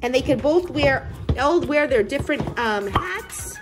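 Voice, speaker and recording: Woman toy vlogger, gushing unboxing at home, bouncy sing-song delivery over quiet music. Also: high-pitched, a little slow. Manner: gushing, gasping with excitement. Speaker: toy collector and parent blogger. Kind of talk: casual toy unboxing chat.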